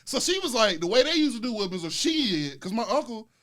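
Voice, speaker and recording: A young man hosting a casual chat, telling animated stories and loudly acting out quotes. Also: very high-pitched, fast. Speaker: podcast host.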